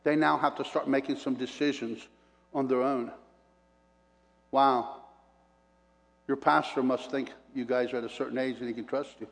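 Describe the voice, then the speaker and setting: An older man preaching a sermon, telling stories in an animated way that swings between loud bursts and hushed asides. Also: medium pitch, moderate pace, gravelly, pauses often, long reverb tail.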